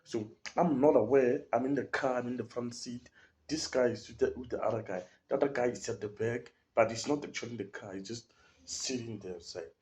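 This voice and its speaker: A man's voice: mid-range voice, a little fast, a little mellow. A young man with a South African accent, telling a story in a casual podcast chat, full of slang and acting out the people in it. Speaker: podcast guest.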